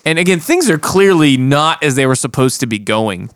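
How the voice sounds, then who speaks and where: A man's voice: on the high side, sing-song, normal speed, no echo, studio quality. A man co-hosting a podcast, casually recapping a film in a rambling way with crude jokes and frequent laughter. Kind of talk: casual chat.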